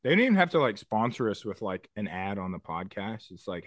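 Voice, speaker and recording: A man with a fairly low voice talks in a casual podcast chat. He explains things eagerly and in detail and swears now and then. His voice sounds dry and close, with no room around it. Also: very animated, a little fast, dry recording. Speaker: podcast co-host.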